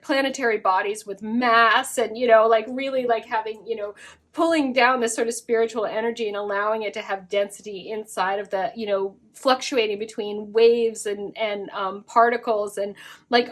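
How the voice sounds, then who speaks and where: A woman giving a casual spiritual tarot reading to her viewers, effusive and rambling, with lots of fillers and frequent giggles. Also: fairly high pitch. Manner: breaks into giggles. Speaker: tarot card reader.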